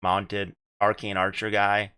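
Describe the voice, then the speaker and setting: A man's voice: fairly low pitch, completely flat delivery, slow pace, pushed and bright, clear, resonant tone, no echo. A man hosting a casual gaming podcast, rambling and repeating himself, with casual swearing. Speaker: podcast host and streamer.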